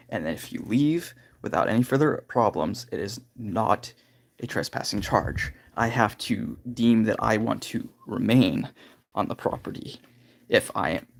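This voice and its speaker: A man's voice: medium pitch, creaky. A man hosting a casual livestream, telling a rambling childhood story with fillers, self-corrections and quoted dialogue. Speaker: livestream host.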